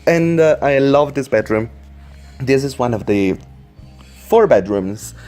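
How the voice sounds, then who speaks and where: A man's voice: medium pitch, expressive, unhurried, darkish tone, soft background music. A man with English as a second language doing casual voice-over commentary at home, rambling with many fillers and apologies. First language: not English. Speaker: Sims speedbuild commentator. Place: indoors at home, computer on lap.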